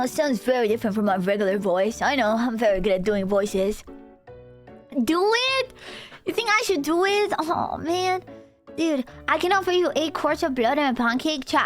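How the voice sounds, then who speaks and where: A woman streamer chatting casually with her viewers, rambling and excitable, laughing often and saying "dude" a lot. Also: high-pitched. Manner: laughs often, trails off into restarts. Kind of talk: casual livestream chat with viewers. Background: faint background music.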